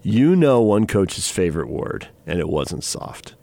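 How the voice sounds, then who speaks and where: A man's voice: low voice, sing-song, a little slow, gravelly, dark tone, no echo. Man hosting sports radio in a dry studio. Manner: chatty, teasing, laughs often. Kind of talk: sports radio chat and news update.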